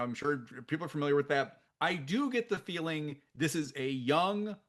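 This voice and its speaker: A man co-hosting a film podcast, his voice swinging up and down with lots of movement. His pitch sits a little high for a man. He chats casually and pokes fun at himself, often breaking into laughter. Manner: animated, self-deprecating, laughs often. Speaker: podcast co-host.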